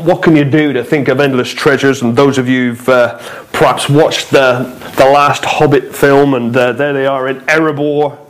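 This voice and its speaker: A man, a guest preacher giving an informal sermon with chatty jokes and frequent fillers in a church hall. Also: medium pitch.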